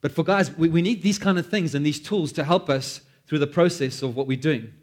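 A man preaching a sermon, animated, acting out quoted prayers and joking at his own expense. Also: a little high, a little fast. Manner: animated, acts out quoted prayers, self-deprecating asides. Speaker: pastor.

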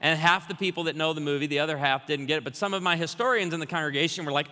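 A man, a guest pastor, preaching a humorous sermon full of stories in an animated way in a church. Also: fairly high pitch, racing. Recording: church hall reverb.

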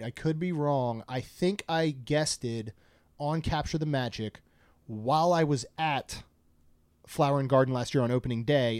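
A man co-hosts a casual podcast, chatting and joking as he reads items from a food menu aloud. His mid-range voice is a little mellow, and there's no echo.

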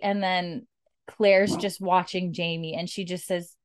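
A woman's voice: on the low side, little pitch movement, measured pace, smooth, dry recording, studio quality. A woman casually recapping a TV episode, acting out the characters' lines as she goes. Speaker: podcast co-host recapping a TV episode. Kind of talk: casual chat.

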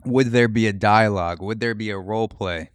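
A man's voice: lowish voice, a little fast, no room sound. A man hosting a podcast, riffing through a profane comedic solo monologue. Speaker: podcast host.

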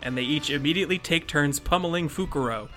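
Bright-voiced laughing podcast host. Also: male voice, on the high side, fast, soft background music. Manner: laughs often, summarizes plot between jokes. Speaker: podcast host recapping chapters. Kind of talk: casual podcast chat.

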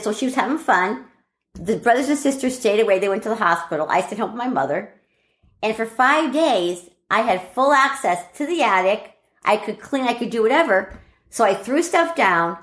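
Lively middle-aged woman telling a story. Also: mid-range voice, brisk, roomy sound. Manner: animated, acts out family members' lines. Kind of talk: casual personal storytelling.

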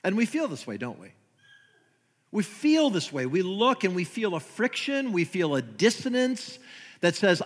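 A man's voice: high-pitched, sing-song, unhurried, big-room sound. A man preaching a sermon in a church, conversational, with many rhetorical questions and repeated words. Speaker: guest preacher. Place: church sanctuary.

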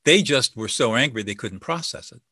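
A man with a bright, forceful voice lays out his methods in a confident, teaching manner. The sound is dry and close, with no room around it. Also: medium pitch, lively intonation, normal speed, no room sound. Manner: confident, teaching, acts out sample dialogue. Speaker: guest expert on listening and de-escalation. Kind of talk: explanatory interview talk.

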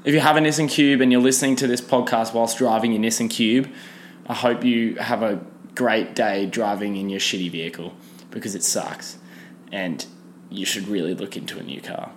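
A man's voice: lowish voice, fairly even intonation, normal speed, slight background noise. A young man, rambling casually through a solo podcast with lots of fillers and restarts. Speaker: podcast host.

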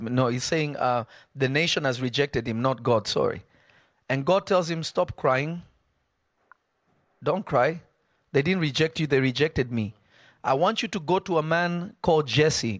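A man delivers a live sermon in a high voice, emphatic and conversational, often breaking off into quick asides to his listeners. The sound is dry and close. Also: no echo. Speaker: preacher.

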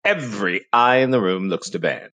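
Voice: deep voice, lively intonation, moderate pace, a bit bright. A game master wryly narrating the action of a tabletop role-play.

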